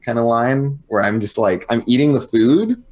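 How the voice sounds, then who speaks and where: A man's voice: mid-range voice, expressive, normal speed, a little mellow. A man playing a tabletop game, describing his moves in a casual, sardonic way. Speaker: player.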